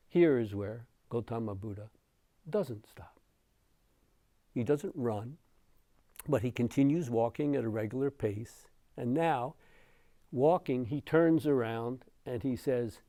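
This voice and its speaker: A man giving a dharma talk as a meditation teacher, telling a story in an unhurried way with soft chuckles. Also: mid-range voice, no echo, clean studio sound.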